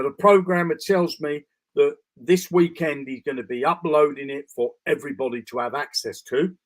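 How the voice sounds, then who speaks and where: Casual man demoing a trading bot live. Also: on the high side. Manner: casual, rambling with restarts and fillers. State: tired, yawning. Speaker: crypto trading bot presenter. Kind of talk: live screen-share walkthrough.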